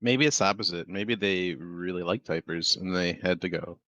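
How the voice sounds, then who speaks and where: A man's voice: deep voice, fairly even intonation, moderate pace, bright, forceful tone. A man co-hosting a movie watch-along, playful and chatty, who explains things at length with lots of fillers. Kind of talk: casual chat over a movie.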